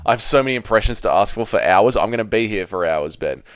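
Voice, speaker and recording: Aussie guy reading chat on stream, kinda low voice, jokey and sweary, bit of music faint behind. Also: animated, quick pace, smooth, no echo, studio quality. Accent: Australian. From Australia. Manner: banters with viewers, swears freely. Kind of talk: casual live-stream chat.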